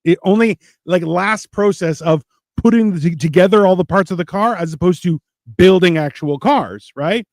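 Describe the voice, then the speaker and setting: A man's voice: high voice, normal speed, darkish tone, no echo. A man on a podcast, ranting in a casual, profane way and mocking others in put-on voices. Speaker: podcast co-host.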